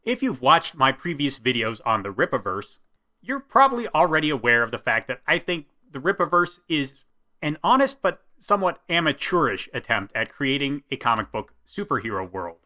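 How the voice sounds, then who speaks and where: Man, bright tone, measured delivery, explanatory commentary, stage-actor background. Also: medium pitch. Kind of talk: commentary vlog.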